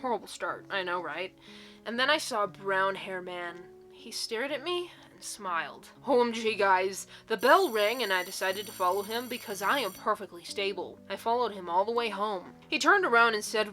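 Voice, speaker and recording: Giggly bright-voiced young woman. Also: mid-range voice, lively intonation, moderate pace, faint music behind. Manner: giggly, mock-dramatic, breaks into laughter. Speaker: vlogger reading fan fiction aloud. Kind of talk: comedic dramatic reading.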